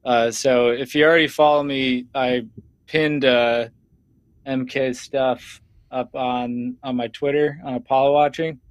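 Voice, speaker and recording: A man co-hosting a podcast, talking in a relaxed, halting way with many fillers. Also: medium pitch, no room sound. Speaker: podcast co-host. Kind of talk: casual chat.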